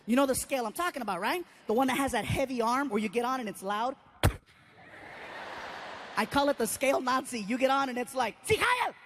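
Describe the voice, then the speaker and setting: Woman, high voice, stand-up storytelling, animated, voices and sound effects, faint background hum. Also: brisk, long pauses. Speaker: comedian.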